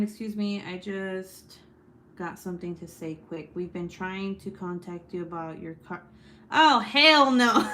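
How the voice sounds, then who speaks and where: A woman around thirty hosting a casual live stream, talking loudly with plenty of swearing and laughter. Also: mid-range voice, gravelly. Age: 30s. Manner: loud and profane, laughing often. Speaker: host.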